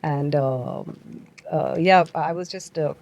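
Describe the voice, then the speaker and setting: A woman's voice: low voice, takes it slowly, darkish tone. A woman, an actress guest in a podcast interview, speaking hesitantly with many fillers. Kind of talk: casual interview chat.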